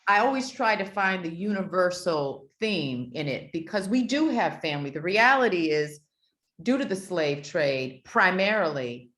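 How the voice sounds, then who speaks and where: A woman's voice: fairly low pitch, expressive, normal speed, a bit bright. A woman from Portland, Maine, a producer guest, speaking earnestly and reflectively in an interview. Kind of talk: casual interview chat.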